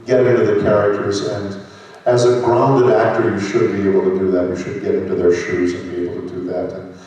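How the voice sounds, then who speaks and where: A man in his sixties recounts his voice acting stories on a convention stage, animated and quick to joke about himself. His voice sits a little low and reaches the listener from a distance. The big hall rings with a long, echoing reverb. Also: muffled recording. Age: 60s. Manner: lively anecdotal storytelling with self-mocking jokes. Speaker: voice actor guest on a convention panel. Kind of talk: convention panel Q&A storytelling. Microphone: handheld microphone. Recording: echoey hall, voice from far off.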